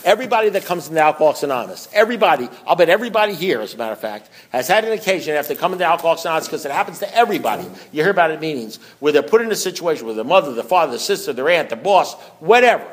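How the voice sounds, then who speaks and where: A man's voice: on the high side, big pitch swings, very fast, hardly any pauses. A man speaking at a twelve-step meeting, reading passages aloud and then riffing on them in a repetitive, emphatic, folksy way.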